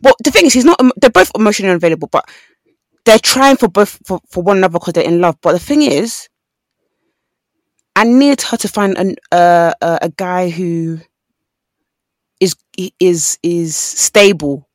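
A woman's voice: fairly low pitch, moderate pace, no echo. A young woman, chatting casually as a podcast co-host and telling stories with acted-out quotes. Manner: animated storytelling with voiced quotes. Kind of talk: casual chat.

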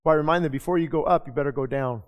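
A male pastor preaches in a loose, conversational way, tossing out rhetorical questions and quick asides. His voice sits a little high for a man. The sound carries a long reverb from a church sanctuary. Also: highs cut off. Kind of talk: sermon.

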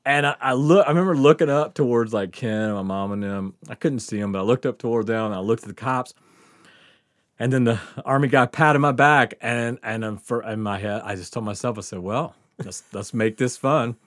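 A man's voice: medium pitch, a little fast, no room sound, studio quality. A man hosting a podcast, telling a story in casual chat, laughing often and swearing freely. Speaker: podcast host.

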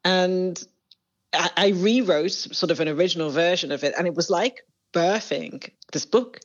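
A woman's voice: on the low side, normal speed, slightly rough. Woman, interview guest, rambling, dull lo-fi audio. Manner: rambling, lots of fillers and restarts. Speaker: author and podcaster, guest. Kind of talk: casual interview talk.

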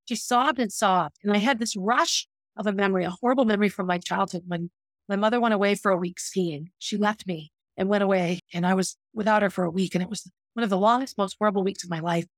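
A woman's voice: mid-range voice, fast, no echo, studio quality. A middle-aged woman hosting a podcast, telling a personal story in a candid, reflective, self-critical way. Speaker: podcast host.

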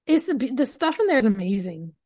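A Canadian woman co-hosting a podcast, chatting casually and telling stories in an animated way. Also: on the high side, fairly quick, no echo, clean studio sound. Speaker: podcast co-host. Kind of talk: casual chat.

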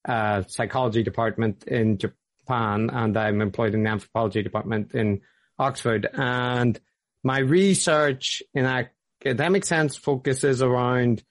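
Belfast-accented man, mid-pitched, an academic guest who talks in stops and restarts. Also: measured pace. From Northern Ireland. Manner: hesitant, many restarts. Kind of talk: conversational interview.

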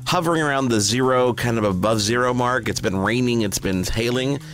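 Canadian male co-host, casual storyteller, mid pitch. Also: a little fast, noisy background. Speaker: podcast co-host. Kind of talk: casual chat.

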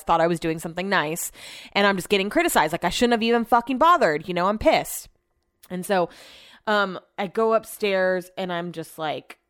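Young woman podcaster rambling thru a story, swears a lot, smooth clear voice, dry close mic. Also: on the low side, dry recording. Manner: chatty, swears freely, acts out quoted voices. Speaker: podcast host. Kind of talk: casual storytelling.

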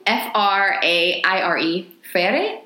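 A woman's voice: mid-range voice, lively intonation, slow, bright, forceful tone, reverberant. A woman with a Texan accent, co-hosting a podcast and telling a story in casual chat, swearing freely and laughing often. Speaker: podcast co-host.

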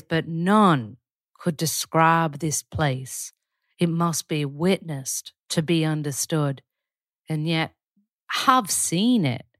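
A wistful young frontier woman with a Southern accent, as a woman puts her on speaks a dramatic monologue in a hushed, slow, reflective way. Her low, earthy voice sits deep and close. The room around her sounds dry and dead. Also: no room sound.

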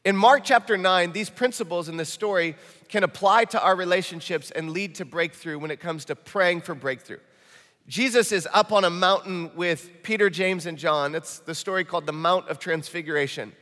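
A male pastor from Michigan with a Midwestern accent, preaching a lively, joking sermon in a church. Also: high voice, moderate pace. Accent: Midwestern American. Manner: animated, jokey storytelling preacher. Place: church auditorium. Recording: reverberant church hall.

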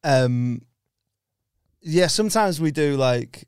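A man talks in loose, rambling podcast banter, swearing freely and breaking into laughs. His voice is smooth and resonant, and the sound is dry and close, with no room around it. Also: a little high, expressive, slow pace, a little mellow, no room sound. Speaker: stand-up comedian, podcast guest. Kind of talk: casual banter.

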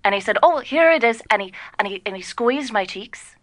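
A woman's voice: a little high, expressive, a little fast, no room sound, natural voice. A woman playing an earnest social worker caller who tells her story with pity and worry, in an improvised comedy sketch. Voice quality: earnest, pitying, breathless storytelling.

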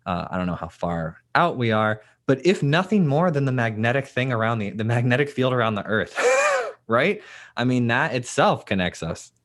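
A man's voice: mid-range voice, sing-song, normal speed, fairly bright tone. A man hosting a podcast, musing in a speculative way and laughing easily. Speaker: podcast host. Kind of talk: casual podcast conversation.

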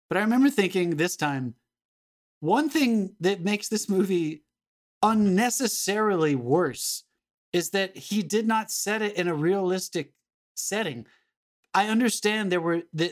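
Exasperated high-voiced male podcaster. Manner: emphatic, exasperated, swears often. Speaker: podcast co-host. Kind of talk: casual film-review chat.

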